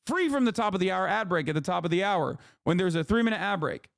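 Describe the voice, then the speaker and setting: A male livestream commentator talking in a fired-up, swearing rush of casual commentary. His voice sits fairly high, and the sound is close and dry with no room around it. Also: lively intonation, fairly quick, creaky, no echo. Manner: heated, profane, rambling.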